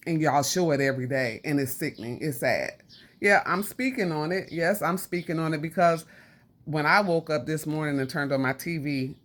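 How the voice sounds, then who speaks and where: A woman's voice: on the low side, fairly bright tone. A woman vlogger giving a casual, slangy commentary rant straight to camera, scolding her audience and repeating lines for emphasis.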